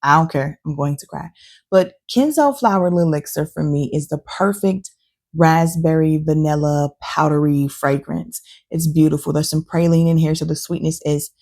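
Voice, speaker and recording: A woman hosting her own channel, giving casual, opinionated and animated reviews of her perfume collection. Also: deep voice, normal speed. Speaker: fragrance reviewer and channel host. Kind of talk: casual talking-head review.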